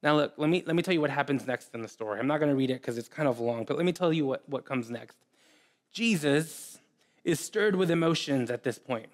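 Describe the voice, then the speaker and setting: A man preaching a sermon in an earnest way, often repeating words and pausing. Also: a little high. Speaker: pastor.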